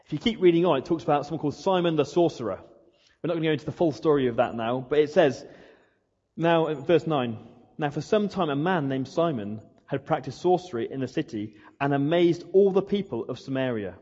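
A man's voice: fairly high pitch, lively intonation, fairly quick, mellow. A man preaching a sermon, acting out questions and prayers in a rhetorical way. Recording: dull echoey hall.

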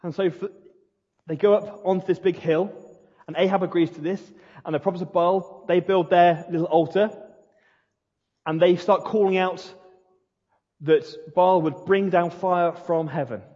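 A man's voice: high-pitched, fairly even intonation, measured pace, pauses often. A male pastor preaching a sermon, retelling a story in an earnest, emphatic way. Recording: dull lo-fi recording in a reverberant hall.

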